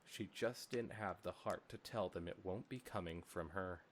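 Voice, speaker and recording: Deep-voiced guy cohosting a fanfic podcast, reads the story then cracks dry jokes. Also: moderate pace, slight background noise. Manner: wry and joking, often laughing. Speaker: podcast co-host and narrator. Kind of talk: reading fan fiction aloud with joking commentary.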